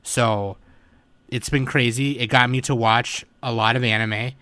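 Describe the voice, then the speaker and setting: A man's voice: medium pitch, steady tone, unhurried, bright, forceful tone, clean tone, dry recording. Tired, laid-back podcast host man. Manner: laid-back, swears, lots of fillers. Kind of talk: casual chat.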